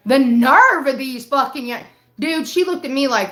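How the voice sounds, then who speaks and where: A woman's voice: a little high, brisk, a bit bright. A woman livestreaming, telling a heated story in casual, profane bursts. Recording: roomy echo.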